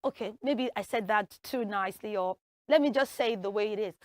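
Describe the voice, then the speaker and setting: A woman teaching English usage, acting out everyday scenes with lively voices. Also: on the high side, a little fast, few pauses, no echo, clean studio sound. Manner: animated, acts out everyday scenes. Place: television studio.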